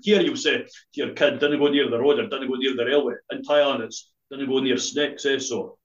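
A man's voice: mid-range voice, fairly even intonation, fairly quick. A man from Dundee with a Scottish accent, a spoken word poet, rambling through a story full of swearing and tagging his sentences with "eh?". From Scotland. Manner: rambling, laughing, heavy swearing, tag "eh?". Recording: roomy, slightly dull podcast audio.

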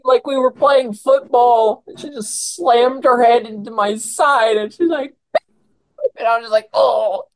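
A man's voice: very high voice, measured pace. A man co-hosting a podcast, chatting casually and teasing his partner in a laid-back way. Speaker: podcast co-host. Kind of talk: casual chat.

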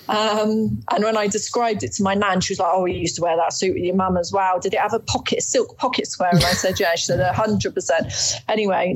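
A woman's voice: mid-range voice, low-quality recording. A woman casually telling a long personal story as an interview guest, chatty and acting out the people she quotes. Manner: chatty, many restarts, acts out quoted voices.

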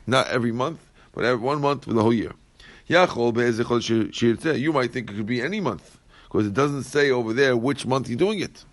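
A man's voice: mid-range voice, no echo. A man teaching a Talmud class who reads Aramaic lines and then explains them in plain English, often repeating his phrases. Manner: repeats phrases while working through the text.

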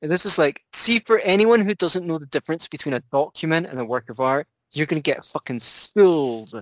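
A man's voice: a little high, dry recording. A man hosting a podcast, reading a text aloud and chatting in a playful, jokey way. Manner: playful, jokey, quick to go off on tangents. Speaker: podcast host. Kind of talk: casual chat about philosophy readings.

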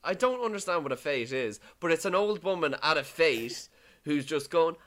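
A podcast co-host chatting playfully with a partner, swearing freely. The voice sits in a middle register but swings widely in pitch. Punchlines are drawn out in a dry, deadpan way. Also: moderate pace. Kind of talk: casual podcast chat.

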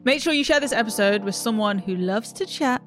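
A woman's voice: a little high, lively intonation, a little fast, over music. A young woman co-hosting a casual podcast, chatty and agreeable. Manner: chatty, agreeing, upbeat in sign-off. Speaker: podcast co-host.

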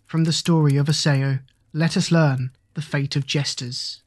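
A reader voicing a solemn old male storyteller in a measured, grave way, within a poem reading. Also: medium pitch, steady tone, lightly acted.

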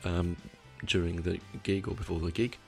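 A middle-aged podcast host with a very low, gravelly voice talks alone in a casual monologue, keeping a steady tone and moderate pace. He rambles, stumbles over words and corrects himself as he goes, tossing in dry asides. Soft music plays faintly in the background.

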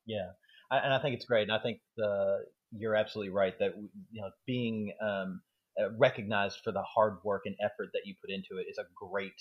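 A man interviewing a guest, speaking haltingly with many fillers. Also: fairly low pitch, steady tone, dull audio. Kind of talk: casual interview chat.

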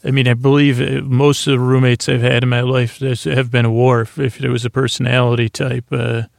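Flat, gravelly-voiced man rambling at bedtime. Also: medium pitch, fairly quick, dry recording, clean studio sound. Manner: meandering, hesitant, full of asides and restarts. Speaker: podcast host. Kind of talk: rambling bedtime episode recap.

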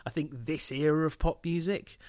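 A man co-hosting a casual music review podcast, measured and hedging, with frequent restarts. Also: fairly high pitch, little pitch movement, a little mellow, no echo. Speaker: podcast co-host.

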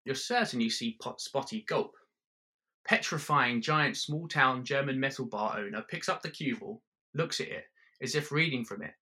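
A man telling a comic story in the second person, with deadpan, wry narration. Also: mid-range voice, normal speed.

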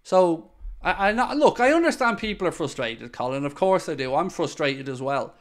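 A man's voice: a little high, lively intonation, moderate pace. A man hosting a casual live-stream podcast, answering viewer comments bluntly and swearing when worked up.

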